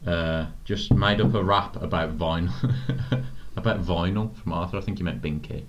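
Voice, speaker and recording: A man's voice: low voice, fairly even intonation, normal speed. A man, a podcast host telling a story in casual, sweary chat and laughing often. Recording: dull, noisy recording.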